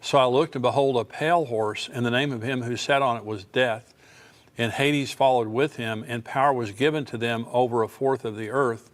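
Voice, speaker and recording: An older male pastor delivers a teaching sermon, moving between scripture reading and relaxed, everyday explanation. His voice sits at a middle, ordinary pitch for a man. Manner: reads scripture then explains it in plain conversational asides.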